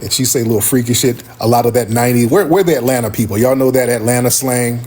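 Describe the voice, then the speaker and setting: A man hosting a live stream, telling a story casually and acting out other people's voices with big pitch jumps. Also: steady tone, fast talker, a little mellow. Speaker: livestream host.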